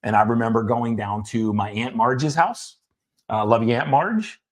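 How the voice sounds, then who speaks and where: Halting, emotional middle-aged man storyteller. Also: mid-range voice. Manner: halting, many restarts, emotional at times. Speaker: podcast co-host. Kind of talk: personal storytelling conversation.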